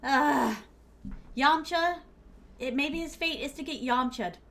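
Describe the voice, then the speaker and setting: Woman streamer, casual rambling storyteller, laughs a lot, high voice. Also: slow pace, creaky, a bit bright. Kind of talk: casual game-stream chatter.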